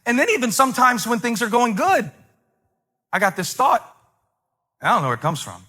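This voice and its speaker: A man's voice: extremely high pitch, big pitch swings, normal speed, bright, forceful tone, husky. A middle-aged male pastor preaching a sermon in a conversational way, joking with the congregation and breaking into emphatic surges. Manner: jokes with the congregation.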